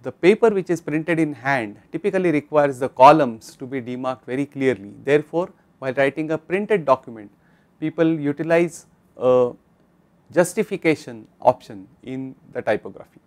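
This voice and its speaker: A man's voice: medium pitch, lively intonation, moderate pace, a little mellow. A man with an Indian English accent giving a recorded online course lecture, speaking instructively and addressing viewers directly.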